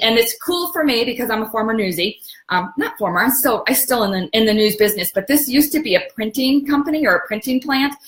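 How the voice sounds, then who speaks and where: A woman hosting a travel segment, chatting casually to viewers and often pausing to search for words. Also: mid-range voice, fairly bright tone. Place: home in Atlanta. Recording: roomy echo.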